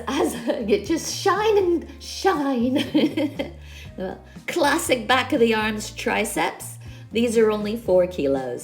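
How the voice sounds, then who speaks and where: Chatty Québécoise fitness instructor, echoey room. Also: female voice, mid-range voice. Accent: Quebec French. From Quebec. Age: 50s. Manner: chatty, switching between French and English, laughs often. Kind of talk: casual workout instruction. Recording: echoey space with background music.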